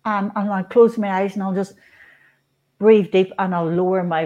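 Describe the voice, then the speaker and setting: A woman in her fifties from Northern Ireland, a guest on an interview show, talking earnestly and gently with frequent restarts and soft laughs. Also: mid-range voice, fairly even intonation, moderate pace, lo-fi sound. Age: 50s. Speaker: guest, spiritual author. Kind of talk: conversational interview.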